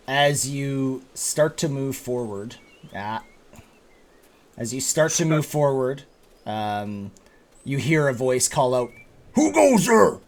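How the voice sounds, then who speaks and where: A man's voice: medium pitch, slight background noise. A man narrating as game master, with a loose, rambling delivery full of fillers.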